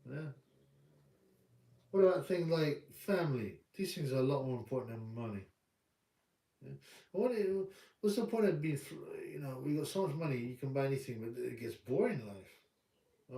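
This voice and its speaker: A man's voice: medium pitch, animated, moderate pace, mellow. A man hosting a boxing livestream, ranting bluntly and casually while reading chat, often repeating himself. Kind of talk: casual live-stream rant. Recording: roomy room, distant mic.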